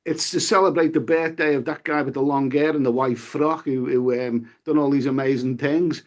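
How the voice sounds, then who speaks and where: A man's voice: mid-range voice, fairly even intonation, normal speed. A middle-aged man hosting a live stream, chatting casually with the viewers in a rambling way, with casual swearing and repeated words. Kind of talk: casual chat reading the live chat.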